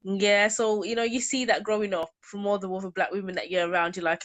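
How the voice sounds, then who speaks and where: A woman's voice: medium pitch, fairly quick, hardly any pauses, no echo. A young woman guest talking frankly and animatedly in a casual chat. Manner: frank, animated, self-deprecating.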